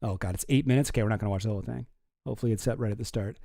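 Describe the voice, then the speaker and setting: A man's voice: on the low side, very fast, creaky, mellow, no room sound, clean studio sound. A man hosting a stream, reacting to clips with rambling, profane, sarcastic chat. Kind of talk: casual chat.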